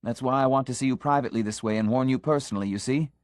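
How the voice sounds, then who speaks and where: A man's voice: mid-range voice, racing, no room sound, clean studio sound, pitched above the performer's own voice, natural voice. A man doing an earnest middle-aged constable. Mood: earnest warning. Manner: urgent, conspiratorial warning, drops to a stage whisper. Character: middle-aged male country police constable, earnest, scandalized. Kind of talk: audiobook character reading.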